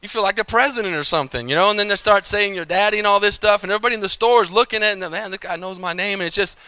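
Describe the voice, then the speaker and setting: Pastor storyteller, male, bright crisp voice, conversational sermon style. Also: sits high, very fast, no room sound. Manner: conversational storytelling preacher, playful asides. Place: church sanctuary.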